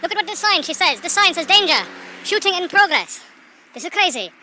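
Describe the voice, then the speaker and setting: A woman's voice: extremely high pitch, big pitch swings, fairly quick, full character voice. A woman playing a comic Zulu character with a put-on Zulu-English accent, out of breath while cycling a country road and chattering in exclaiming broken English. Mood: breathless. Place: outdoors on a bicycle on a country road. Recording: loud wind and road noise outdoors.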